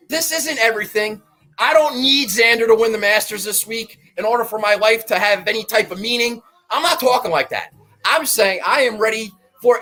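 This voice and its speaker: A man hosting a golf betting show, ranting defiantly and swearing, swinging from low muttering to shouts. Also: poor audio. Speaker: golf betting podcast host. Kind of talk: fired-up monologue.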